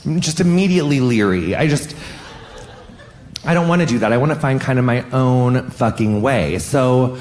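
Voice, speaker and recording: Animated, swearing stand-up comedian, a man. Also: normal speed, a little hiss or hum. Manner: animated, frequent swearing, leaps up in pitch on punchlines. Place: stage in front of a live audience.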